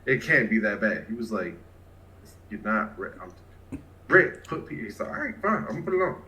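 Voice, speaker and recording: A man's voice: fairly low pitch, big pitch swings, fairly quick, bright, forceful tone, echoey room, poor audio. A man co-hosting a casual podcast, telling stories with lots of laughter and acted-out quotes. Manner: laughing storyteller, acts out quotes. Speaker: podcast co-host. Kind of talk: casual chat.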